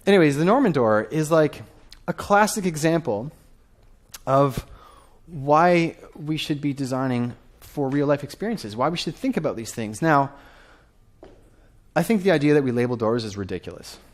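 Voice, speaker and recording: A man in his thirties giving a lively conference talk from a stage, often asking the audience questions. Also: on the high side, normal speed. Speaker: conference speaker.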